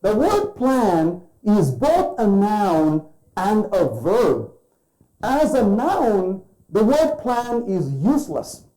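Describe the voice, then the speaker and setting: A man's voice: sits high, big pitch swings, slow, mellow, low-quality recording. A man giving a conference keynote, firing rhetorical questions at the audience and acting out quoted voices. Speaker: keynote speaker.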